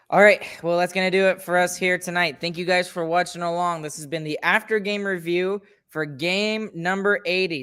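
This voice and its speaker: A man's voice: sits high, fairly bright tone, clear, resonant tone. A man hosting a sports podcast, talking in an upbeat, chatty way and wrapping up the show. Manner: upbeat, chatty, pleading jokingly. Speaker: podcast host. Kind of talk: casual sports chat.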